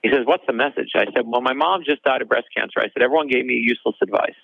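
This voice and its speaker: A man's voice: mid-range voice, rapid-fire, creaky, slightly rough, no room sound. A male author telling a story in an interview, acting out the dialogue in it. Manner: animated storyteller, acts out dialogue. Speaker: author guest. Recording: dry tinny phone-like line.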